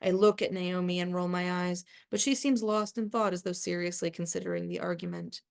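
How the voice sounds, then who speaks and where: A woman author reading her own first-person fiction aloud at a live event, measured and even, with the odd dry aside. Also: lowish voice, gravelly.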